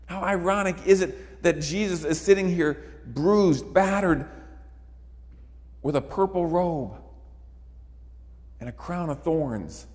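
A male preacher delivers an emphatic sermon, his voice a touch high for a man, slow and darkish, with long pauses. He hammers points home by repeating phrases, and a long reverb from a large hall trails his words.

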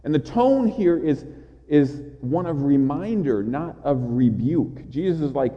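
A man's voice: on the high side, animated, a little slow, dark tone. A man preaching a sermon with passion, often stammering over his words as he builds up. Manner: impassioned, with repeated stammered restarts. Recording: dull sound in a large reverberant hall.

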